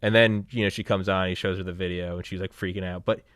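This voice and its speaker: A young man in casual chat who rambles through anecdotes full of fillers and acts out calm doctors in a raised voice. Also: low-pitched, quick pace, dry recording, studio quality.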